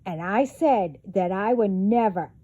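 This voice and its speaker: Woman ranting on her vlog, swears a lot, slow and heavy, dry sound. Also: mid-range voice, animated, dark tone, no echo, muffled recording. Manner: profane, confrontational, emphatic. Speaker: vlogger. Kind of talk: angry rant to camera.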